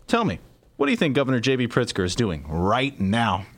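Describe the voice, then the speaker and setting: A man's voice: medium pitch, wildly swooping pitch, brisk, slight background noise. A young man who co-hosts a talk show and reads the news, wry and upbeat. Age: young adult. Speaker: news co-host. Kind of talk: casual radio-style chat.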